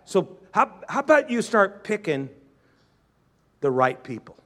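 A man preaches a fervent sermon in a high, bright voice. He calls on his listeners to say lines back to him. He plays their doubts in a lower tone before answering them. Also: very animated, measured pace. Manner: acts out doubters' objections in a lower, quieter voice. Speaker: pastor.

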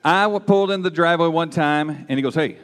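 A man's voice: a little high, fast, fairly bright tone. A middle-aged man preaching a sermon and telling his own story in a folksy, emphatic way. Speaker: pastor. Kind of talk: sermon with personal testimony. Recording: long hall reverb.

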